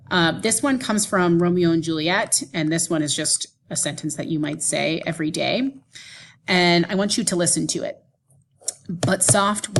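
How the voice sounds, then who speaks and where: Patient woman teacher with a low voice. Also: a little hiss or hum. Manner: clear, patient explaining, tapping out rhythms aloud. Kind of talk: classroom video lesson.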